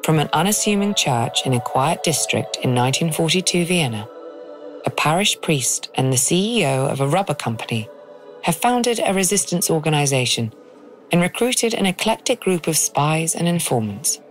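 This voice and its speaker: A woman in her thirties giving measured, grave documentary narration from a script. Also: sits low, sing-song, faint music behind.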